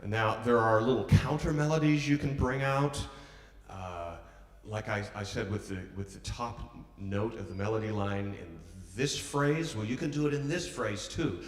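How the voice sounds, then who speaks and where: A man's voice: on the low side, moderate pace. A man coaching a pianist in a master class, encouraging and humming or counting the phrases aloud as they play. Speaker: piano master class teacher. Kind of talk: coaching a pianist through a piece. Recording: echoey hall from far off, piano playing.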